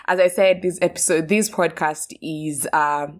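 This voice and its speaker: A young woman hosting a casual podcast chat, expressive and mixing in Swahili words. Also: low-pitched, a little slow. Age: young adult. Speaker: podcast host.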